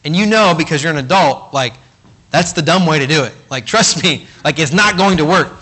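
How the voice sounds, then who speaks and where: A man's voice: fairly high pitch, animated, a little fast, pushed and bright, breathy edge. A man preaching a sermon in a conversational way, acting out the voices of the people in his stories. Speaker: pastor.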